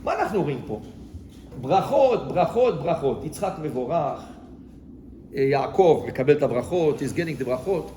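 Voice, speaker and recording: A man, a rabbi teaching a Torah lesson in mixed Hebrew and English, animated and acting out the quotes. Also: mid-range voice, rapid-fire, a little hiss or hum.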